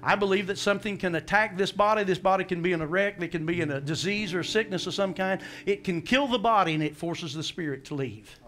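A man preaching a sermon as pastor, animated, acting out scripture voices and asking the congregation questions. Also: high-pitched, fairly quick, few pauses.

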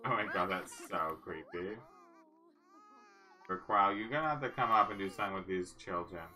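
A woman's voice: a bass voice, normal speed, sharp tone, a little hiss or hum. A woman giving casual let's-play commentary, chatty and cooing at the game characters. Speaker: gaming channel host.

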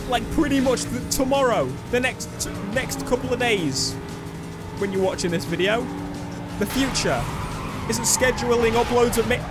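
A young man on a headset, chatting through a let's play with excitable outbursts. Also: sits high. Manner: chatty, excitable, bursts into loud exclamations. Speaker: gaming YouTuber. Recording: game music loud behind voice.

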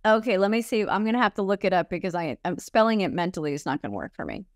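A woman's voice: medium pitch, expressive, very fast, no echo, clean studio sound. A woman guest speaking as an expert on college disability services, explaining things conversationally with frequent fillers and self-corrections. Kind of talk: conversational interview.

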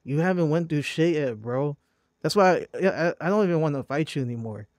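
Brief: male podcast host, slightly high voice, blunt profane rant, close dry sound. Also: lively intonation, fairly quick, a little mellow, no room sound. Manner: blunt, profane, repeats "bro".

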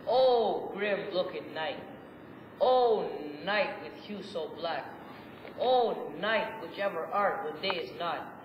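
A man's voice: high-pitched, animated, takes it slowly, lo-fi sound. A young man playing lovesick Pyramus in an amateur rehearsal, declaiming in an overwrought mock-tragic way. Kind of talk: amateur Shakespeare rehearsal, goofing around. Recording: echoey room, far from camera, noisy.

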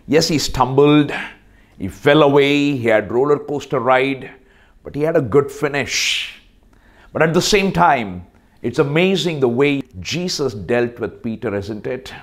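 A man preaching a sermon as pastor, with big swings in pitch and loudness. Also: echoey room, long reverb tail.

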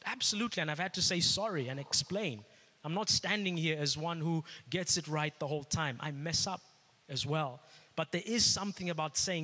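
A man's voice: on the high side, normal speed, sharp tone. A middle-aged man preaching a sermon as pastor, earnest and repeating phrases for emphasis. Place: church hall. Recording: echoey hall.

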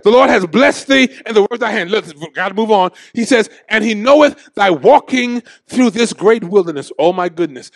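A man's voice: high-pitched, no echo, clean studio sound. A man preaching a sermon in a church, calling on the congregation to answer back. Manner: shouting preacher with call-and-response. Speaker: pastor. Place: church sanctuary.

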